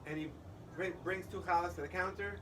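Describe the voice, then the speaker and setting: A rabbi with a high voice delivers a holiday sermon, spinning joke stories and voicing each character's lines. He is picked up from some distance, with a faint murmur of the room around him. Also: fairly even intonation, a little fast, background noise. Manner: storytelling, quoting characters in dialogue.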